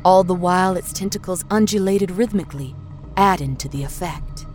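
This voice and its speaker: A woman storyteller narrating a horror story in a steady, expressive reading. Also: lowish voice, moderate pace. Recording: narration over a faint music score.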